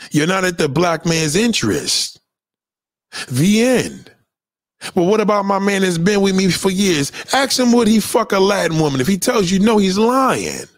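A man hosting a livestream, ranting bluntly and lecturing his viewers between shout-outs. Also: high-pitched, no room sound, clean studio sound. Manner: blunt and preachy, swears constantly, lectures the chat. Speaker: livestream host. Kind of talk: profane livestream rant.

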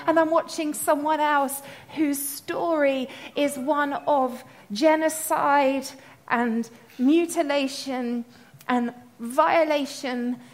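Woman preacher, high voice, impassioned storytelling sermon, breaks into song. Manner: passionate storytelling, sings snatches of worship songs; builds to loud, impassioned proclaiming.

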